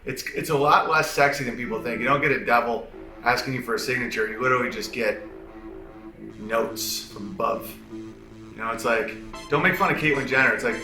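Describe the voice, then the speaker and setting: A man doing stand-up with a drawn-out, musing delivery. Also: medium pitch, sharp tone, roomy sound, faint music behind, poor audio. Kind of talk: stand-up comedy bit.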